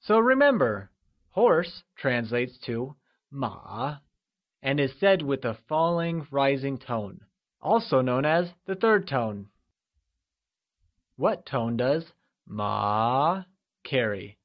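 A man narrating a scripted language lesson, upbeat and encouraging, drawing out modeled syllables slowly. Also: medium pitch, sing-song, lo-fi sound. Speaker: language teacher.

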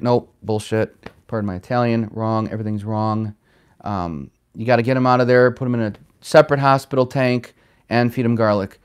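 A man's voice: medium pitch, normal speed, clean tone. A man hosting a casual livestream, rambling and chatty as he reads out and answers viewer comments. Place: home in Chicago.

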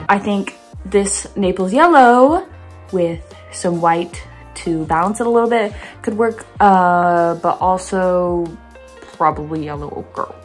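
A woman's voice: medium pitch, takes it slowly, faint music behind. Rambling young woman vlogging from her bedroom. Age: young adult. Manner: rambling, playful, self-interrupting asides. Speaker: art vlogger. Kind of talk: chatty painting vlog. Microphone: phone camera.

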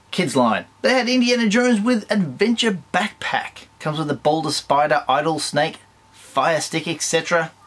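A man's voice: fairly high pitch, a bit bright, slightly rough. A man with an Australian accent hosting a toy collector channel, chatting casually and enthusiastically with wry asides. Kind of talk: casual chat reviewing toy news.

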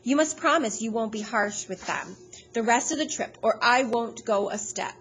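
This is a fussy, soft-hearted young woman, put on by a woman reading aloud. She pleads and exclaims in a pitched-up voice. It sits in a calm storybook narration. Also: normal speed, a little hiss or hum, close to an everyday voice. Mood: pleading.

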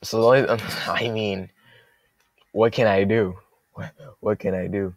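A young man giving casual, jokey play-by-play of his own game, thinking aloud and reacting loudly to each turn. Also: lowish voice, steady tone, a little slow, no echo. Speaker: gaming commentator.

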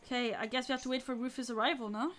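A woman playing through a game, making relaxed, quietly sarcastic asides. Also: fairly high pitch, rapid-fire. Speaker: gameplay streamer. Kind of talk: casual game commentary.

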